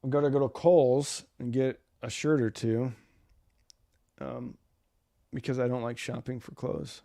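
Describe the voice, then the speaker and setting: A man's voice: mid-range voice, little pitch movement, unhurried, dark tone, no room sound. Guy in his forties rambling on his live stream, answering chat, dry sound. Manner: rambling, reads viewer comments aloud.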